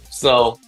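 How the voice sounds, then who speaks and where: A man being interviewed as a pro wrestler, tired after training, rambling, laughing between thoughts and speaking from the heart. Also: rough recording. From Puerto Rico and United States. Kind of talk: casual interview answers.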